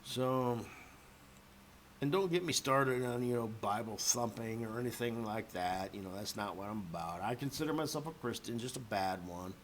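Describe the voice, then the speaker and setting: A man's voice: mid-range voice, moderate pace. A man ranting on his own in a loose, profane, rambling way, full of fillers, with faint noise behind him. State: a little drunk. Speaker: vlogger. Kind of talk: rambling audio rant.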